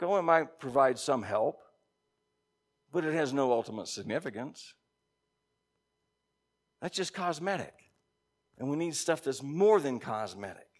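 A man's voice: animated, moderate pace, long pauses. Man preaching with emphatic swings. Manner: emphatic, swinging between loud stresses and low quiet drops; conversational asides to the congregation. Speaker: pastor. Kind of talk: sermon.

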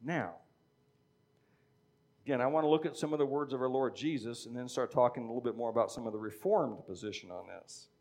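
A man's voice: mid-range voice, a little fast, a little mellow. A middle-aged man preaching a sermon in a conversational teaching style, often checking in with "okay?". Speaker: pastor.

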